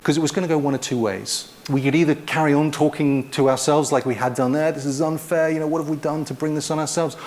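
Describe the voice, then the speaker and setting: A man's voice: fairly high pitch, steady tone, fast, few pauses, darkish tone. A man speaking as a guest at an event, in an earnest and reflective manner. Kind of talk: inspirational talk.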